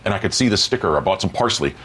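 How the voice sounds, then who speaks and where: A man's voice: low voice, animated, very fast, a bit bright, breathy edge. A man, a political strategist, making his case on a TV panel in a folksy way with everyday examples. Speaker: political strategist, former communications director. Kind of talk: TV panel commentary.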